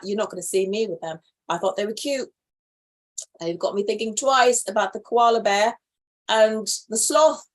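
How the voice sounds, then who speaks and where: A woman hosting a live animal news show, reading stories aloud and reacting to them in casual, animated commentary. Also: on the high side. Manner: animated, reacts loudly then drops to quiet asides.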